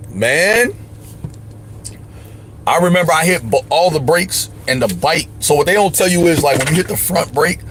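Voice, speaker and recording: A man's voice: a little high, a bit bright, slight background noise. Emphatic slangy man chatting on a livestream. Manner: emphatic, slangy, advice-giving. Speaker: livestream host. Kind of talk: casual livestream chat.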